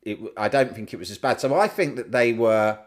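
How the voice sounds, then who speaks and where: A middle-aged man from Britain, a podcast guest, telling stories in casual chat, swearing freely and loudly mimicking other people. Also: on the low side, brisk. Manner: animated storyteller, swears freely, mimics his brother loudly.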